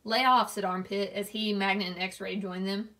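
A woman reading a novel aloud, narrating steadily and clearly. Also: medium pitch, level tone, moderate pace, a bit bright. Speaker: reader.

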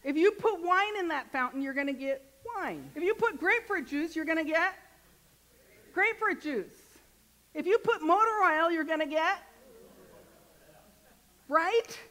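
A woman's voice: extremely high pitch, lively intonation, measured pace, pauses often, sharp tone, low-quality recording. A woman minister giving a sermon in a church, joking and asking her congregation questions in a conversational way. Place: church sanctuary.

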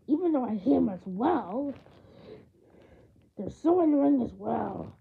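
A woman voicing a whiny, spiteful young bear, ranting in a sneering, drawn-out way on a dull lo-fi home recording. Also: a little high, lively intonation, creaky, husky, heavily acted. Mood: scornful. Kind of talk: amateur grounded-video voice acting.

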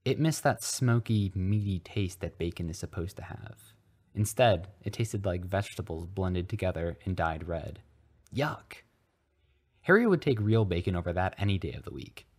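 A very deep-voiced man narrates fanfiction for a podcast. He reads in a deadpan way, as if it were serious. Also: moderate pace. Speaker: podcast host reading fanfiction. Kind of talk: comedic story reading.

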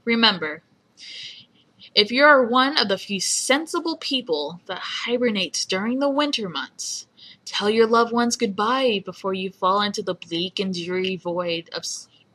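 A woman putting on the voice of a calm, eerie male radio announcer, reading slowly and ominously in a husky voice. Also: medium pitch. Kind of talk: reading a fan-written radio bulletin.

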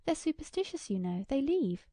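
A woman voicing a timid sheriff's wife who speaks softly and hesitantly. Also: sits high, big pitch swings, moderate pace, no room sound, studio quality, pitched above the performer's own voice. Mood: nervous. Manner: hesitant, soft and shrinking.

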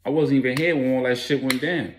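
A man voicing a hot-tempered young hustler who shouts back defensively when accused. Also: medium pitch, steady tone, quick pace, background noise, natural voice. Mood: defiant. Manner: defensive, loud, profane.

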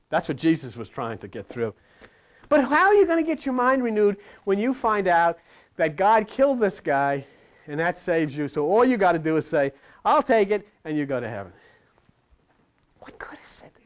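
Speaking at a normal speed with a sing-song lilt, an older preacher gives a folksy, meandering sermon before a live audience. He teases and jokes with the congregation, his voice climbing and dropping widely, shifting from loud asides to quiet murmurs.

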